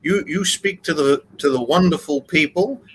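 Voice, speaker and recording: A man from Wales, a guest on a casual live stream, talking in a halting way with many restarts and slightly formal phrasing. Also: a little high, fairly bright tone, a little hiss or hum, rough recording.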